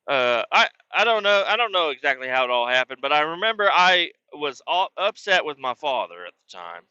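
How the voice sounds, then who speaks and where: A male podcast host tells a rambling personal story in a casual, profane way, getting animated when quoting people. His voice is on the high side with a clean tone, and he talks fairly quickly. The recording is dry but also dull and lo-fi.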